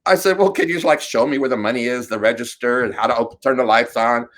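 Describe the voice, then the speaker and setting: A man's voice: medium pitch, quick pace, fairly bright tone. A middle-aged man hosting a talk show, telling a campy, laughing story in casual chat.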